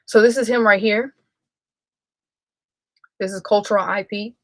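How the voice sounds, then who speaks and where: A woman's voice: mid-range voice, fairly even intonation, measured pace, a bit bright, no room sound. A woman hosting a live stream, talking casually and rambling, often correcting herself mid-sentence. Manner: rambling, self-correcting, chatty. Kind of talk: casual livestream talk.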